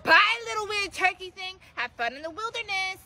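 A thrifty, no-nonsense mom, played by a woman who scolds her child and turns down every request. She speaks in a fairly high, even voice and lays down the rules firmly. It plays as a short comedy sketch. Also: brisk, a loud crowd. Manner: firm, scolding. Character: thrifty, firm middle-aged mom.

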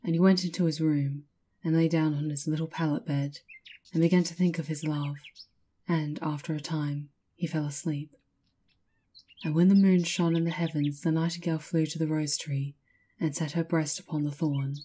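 A woman reads a fairy tale aloud in a measured, lyrical manner. Her voice is low and husky, with a mellow, dark warmth that fits a storybook reading. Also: fairly even intonation. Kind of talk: scripted storybook narration.

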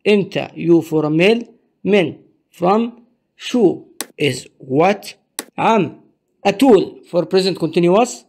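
High-voiced male Arabic teacher. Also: animated, darkish tone, a little hiss or hum. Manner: repeats words slowly, explaining each one. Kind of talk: language lesson for learners.

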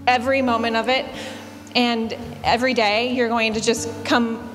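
A young woman giving a heartfelt, slightly halting toast as maid of honor. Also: fairly high pitch, little pitch movement. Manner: warm, laughing, a bit halting. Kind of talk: emotional wedding toast. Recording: echoey hall reverb. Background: soft music.

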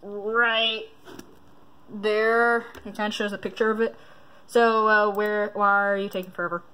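A woman's voice: medium pitch, flat delivery, measured pace, sharp tone, smooth. A woman vlogger in casual commentary, reading quiz questions aloud and rambling through her reactions.

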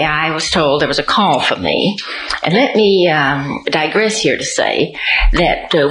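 A woman sits for an oral history interview and recounts her memories at an easy, unhurried storytelling pace, now and then breaking into a light laugh. Her voice sits a little low. The recording rings with an echoey room. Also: a bit bright.

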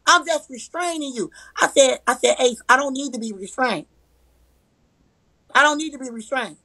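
A woman's voice: high voice, moderate pace, sharp tone, no echo, rough recording. A woman telling a heated personal story, emphatic and profane, acting out the arguments she quotes. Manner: profane, repetitive. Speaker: live-stream guest.

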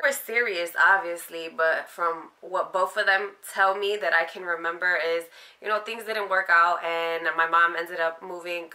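Young woman vlogger from Philadelphia, crisp bright tone, heartfelt and emotional, loose rambling delivery with lots of fillers. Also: fairly low pitch. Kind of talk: candid personal story to camera.

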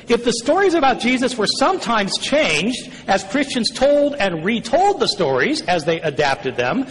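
A man presents his side of a formal debate, pressing his point with one rhetorical question after another. His voice sits very high and moves with lively swings of pitch. A long hall reverb trails behind every phrase. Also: a little hiss or hum. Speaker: debate participant.

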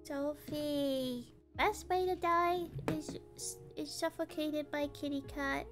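A woman's voice: high voice, fairly even intonation, soft background music. A tired woman streamer chatting casually and sleepily, trailing off between thoughts. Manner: sleepy, drawn-out casual talk with soft laughs. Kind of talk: casual chat.

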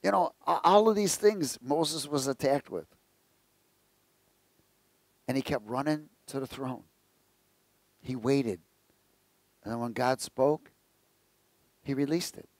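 A man's voice: mid-range voice, slow pace, long pauses, dry recording. A man preaching a conversational sermon, telling jokes and asking the congregation questions. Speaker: pastor.

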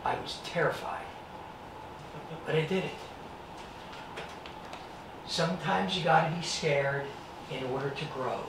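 A high-pitched man tells his life story to students with dramatic, animated delivery. The sound is roomy and echoey, captured from a distant mic with faint background hiss. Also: a little slow, pauses often. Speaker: actor and martial artist giving a presentation.

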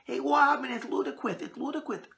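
A man putting on a squeaky, high voice to impersonate a heavyweight boxer, making playful threats. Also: brisk, gravelly, pushed and bright, heavily acted. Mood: mock-threatening.

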